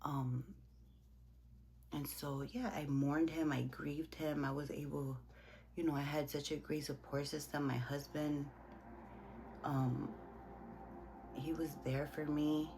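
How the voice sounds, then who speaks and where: A young woman vlogger in a casual get-ready-with-me chat, talking in a soft, halting, emotional way with many restarts. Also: low-pitched, flat delivery, slight background noise. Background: background music.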